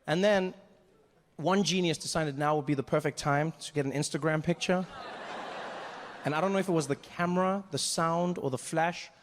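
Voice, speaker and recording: A man doing a stand-up comedy set, telling an animated story and jumping into character voices. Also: fairly high pitch, moderate pace, slight background noise.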